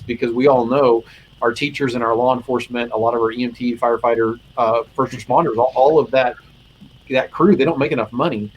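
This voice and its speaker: A man's voice: medium pitch, steady tone, brisk, slight background noise, rough recording. A male chaplain telling heartfelt stories in a casual conversation, earnest and emotional, with lots of restarts. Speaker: guest chaplain.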